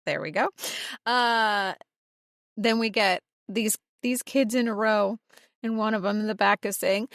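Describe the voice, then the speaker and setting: Woman, slow and unhurried, dry close mic, casual recap, acts out character lines. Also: mid-range voice, fairly bright tone, no echo. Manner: reads out character lines with small acted voices. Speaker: guest voice actress. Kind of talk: casual podcast chat, recapping a comic chapter.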